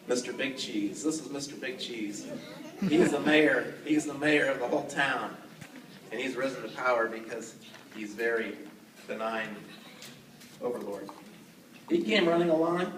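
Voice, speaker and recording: A man's voice: mid-range voice, fairly bright tone, reverberant, far from the mic, a little hiss or hum, poor audio. A man narrating a puppet show for children in a playful way, speaking to the young audience. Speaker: puppeteer storyteller. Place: outdoor fair.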